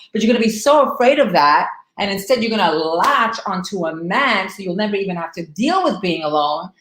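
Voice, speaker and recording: A middle-aged woman coaching divorced women on a live stream, emphatic and animated, speaking straight to her viewers. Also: mid-range voice, reverberant, poor audio.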